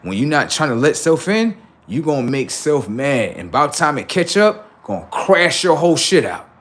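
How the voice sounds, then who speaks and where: Animated storytelling man on a livestream. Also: on the high side, normal speed. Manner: animated, swearing, acts out voices. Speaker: livestream host. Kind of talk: casual storytelling to viewers.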